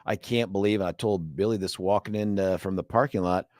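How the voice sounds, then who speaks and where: A man's voice: low-pitched, a little fast, no echo. Guy in his 50s hosting talk radio, chatty and rambly, dead dry studio mic. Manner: lively storyteller, rambling with restarts. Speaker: radio talk show host. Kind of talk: casual talk radio chat. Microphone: studio microphone.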